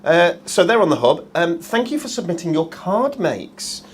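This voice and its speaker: A man's voice: sits high, sing-song, normal speed, slight background noise. A man hosting a live shopping show, chatty and jokey with plenty of ums.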